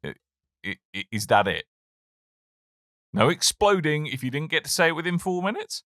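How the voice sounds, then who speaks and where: Male podcast co-host, playful and theatrical, wildly swooping pitch, dry close sound. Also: sing-song, normal speed, a bit bright, no echo. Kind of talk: comedic show intro in role-play.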